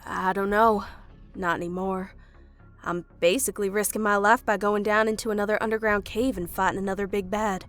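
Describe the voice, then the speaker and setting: A woman's voice: medium pitch, fairly even intonation, fairly quick, fairly bright tone, soft background music, lightly acted. A woman voicing a determined young female agent with a dry, tense manner.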